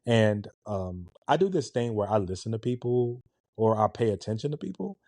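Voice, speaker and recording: Man, 40s, laid-back storyteller, low dark voice, dry close mic. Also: moderate pace, no echo. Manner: animated, conversational, with a laid-back, relaxed tone. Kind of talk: casual storytelling.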